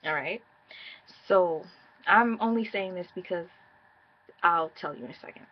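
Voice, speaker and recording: A woman tells her own story straight to her viewers, blunt and profane. Her voice is husky. The audio sounds dull and muffled. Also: on the low side, unhurried. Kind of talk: casual personal storytime.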